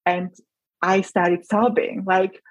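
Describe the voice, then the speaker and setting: A woman's voice: mid-range voice, flat delivery, slow pace, no room sound, low-quality recording. A woman physician, a podcast guest, talking earnestly and with emotion, often restarting her sentences. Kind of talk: podcast interview.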